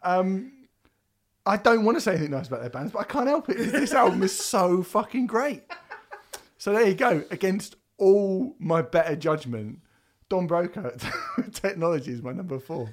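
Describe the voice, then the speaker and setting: A man co-hosting a podcast, talking in a loose, animated way with plenty of swearing. His voice sits a little higher than most men's. He drifts into bursts of sung lines, then drops back to easy chat. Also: normal speed. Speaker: podcast co-host. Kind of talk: casual chat.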